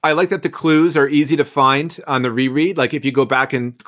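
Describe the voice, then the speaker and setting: A man's voice: mid-range voice, steady tone, brisk, a bit bright. Chatty man discussing a mystery novel. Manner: thoughtful, loose, many fillers. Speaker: podcast co-host. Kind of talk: casual book discussion.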